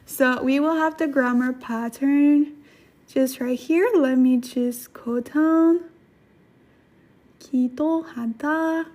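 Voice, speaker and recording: Sick woman hosting a casual livestream lesson, high and unhurried, thinks aloud. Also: darkish tone. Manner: thinks aloud, pauses to look things up, laughs at herself; slow careful explanations. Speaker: Korean language teacher on a livestream.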